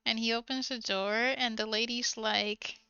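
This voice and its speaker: A woman with a high, bright voice chats casually while she paints on a live stream, taking her time and giggling as she rambles through a story. The audio is dry and a little dull and lo-fi. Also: steady tone, a little slow, clean tone, dry recording. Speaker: art streamer.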